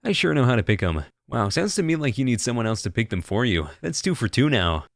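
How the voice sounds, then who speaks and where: Fast, lively male story narrator. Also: mid-range voice, gravelly, no echo, clean studio sound. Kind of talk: reading internet stories aloud.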